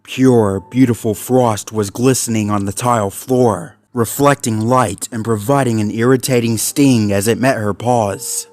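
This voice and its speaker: A man's voice: mid-range voice, fairly even intonation, unhurried, few pauses, darkish tone, no room sound. Man narrating a creepy story. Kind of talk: horror story reading. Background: faint background music.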